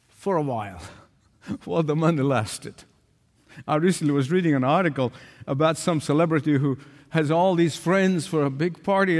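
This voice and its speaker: An older man preaching a sermon, emphatic, repeating phrases for stress. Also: on the high side. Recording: long hall reverb.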